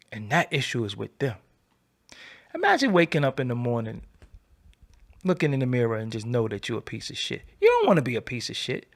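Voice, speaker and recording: A man hosting a livestream, ranting in a profane, animated, preaching way and repeating his phrases, swinging from low mutters to loud outbursts. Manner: swoops between low mutter and loud high bursts. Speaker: livestream host. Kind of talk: unscripted livestream rant.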